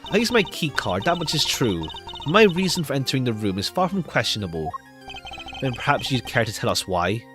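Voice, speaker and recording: A man voicing a haughty, evasive accused official who speaks in a measured way, with music behind. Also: mid-range voice, very animated, lightly acted. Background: background music.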